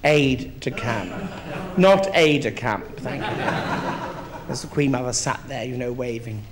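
A man with a mid-range, natural voice performs a live stand-up drag act at a measured pace, a crowd audible behind him. Playing a stately yet vulgar old queen mother, he spins mock-refined stories capped with crude, bawdy punchlines.

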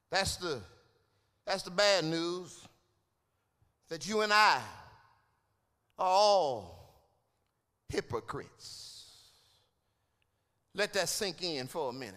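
Pastor, male: slow, impassioned preacher who builds into sung shouts; lively, swooping voice in a church with a long echo. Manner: drops to low, hushed tones between climaxes. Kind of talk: sermon. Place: church sanctuary. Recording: long hall reverb.

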